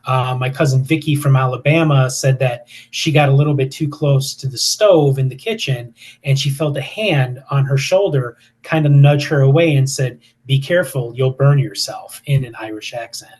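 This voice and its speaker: A man's voice: medium pitch, moderate pace, hardly any pauses, darkish tone. A man in his fifties, a paranormal investigator, telling stories casually in an interview with many fillers and restarts.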